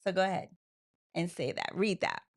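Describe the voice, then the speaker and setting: A woman from New York co-hosting a casual live chat, talking fast and laughing often. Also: on the low side, expressive, gravelly. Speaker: co-host.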